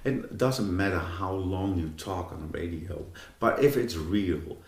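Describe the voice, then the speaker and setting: Man with a low voice talking radio, lots of restarts, echoey room, a bit far off. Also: expressive. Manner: halting, full of restarts and fillers. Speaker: radio music director, guest. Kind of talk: casual conversation.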